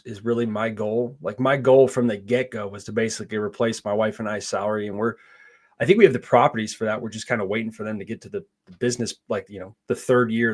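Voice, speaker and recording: A man answering interview questions in a casual, rambling way, full of fillers and restarts, with no Southern accent. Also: on the low side. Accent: none, not Southern. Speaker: guest, park investor.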